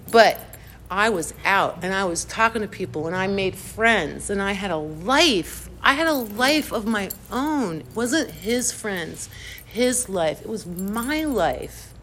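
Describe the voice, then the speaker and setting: Chatty and animated, this woman recounts her recovery, using lots of "like" fillers and performing her own reactions as she goes. She speaks at medium pitch, and there's slight background noise.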